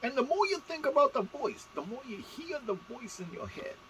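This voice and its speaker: A man talking in a put-on squeaky, high-pitched voice, rambling and stammering. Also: big pitch swings, fairly quick, noisy background, exaggerated voice. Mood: ranting.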